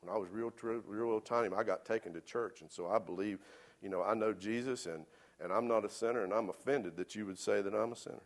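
A man voicing a stubborn, offended male church bass singer in a sermon anecdote, curt and sulky. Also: fast, natural voice.

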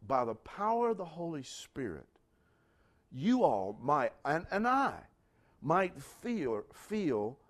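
A man preaching to his church congregation. He speaks slowly with a highly expressive, swooping delivery and keeps drawing the listeners in with direct questions. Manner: animated, calls out questions to the congregation. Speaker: pastor. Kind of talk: sermon.

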